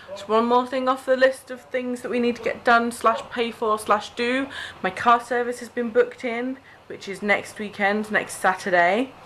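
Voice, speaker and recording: A woman's voice: mid-range voice, fairly bright tone, slight background noise. A young woman, a new mother chatting casually to camera at home, rambling through her plans. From Cheshire, England. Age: young adult. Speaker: family vlogger, new mother. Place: at home indoors.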